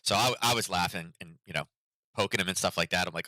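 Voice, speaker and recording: Middle-aged male host, casual rambling chat, deep and piercingly bright, dry close sound. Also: quick pace, dry recording. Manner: rambling, chatty storytelling with many fillers. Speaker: market analysis host.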